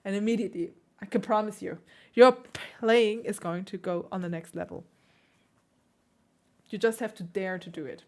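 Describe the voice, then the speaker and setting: A woman who hosts a piano channel, critiquing viewers' playing with emphatic, animated coaching. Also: mid-range voice, moderate pace. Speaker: piano teacher and channel host.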